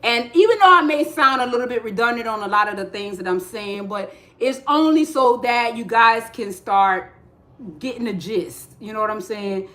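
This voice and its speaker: A woman hosts a casual spiritual livestream, speaking to her chat in slangy, repetitive talk and frequently dissolving into laughter. Her voice is a little high with a sharp tone, and she keeps a moderate pace.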